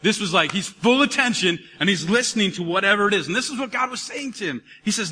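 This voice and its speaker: A man in his thirties preaching a sermon to a congregation, animated and calling out to the crowd. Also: high voice, fast, hardly any pauses, breathy edge. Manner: animated, calls out to congregation, acts out dialogue. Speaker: pastor. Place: church hall. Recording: live hall recording with reverb.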